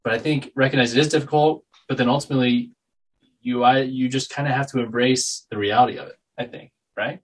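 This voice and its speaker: Reflective husky male co-host. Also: medium pitch, fairly even intonation, a little fast, recorded from a distance, low-quality recording. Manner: reflective, thinking aloud. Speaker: podcast co-host. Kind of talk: casual podcast discussion.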